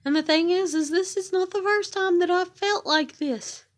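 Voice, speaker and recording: A vlogger with a very high voice talks at a normal speed in a casual monologue. She sounds worn out and close to tears, venting and ranting with lots of swearing in a profane, exasperated way.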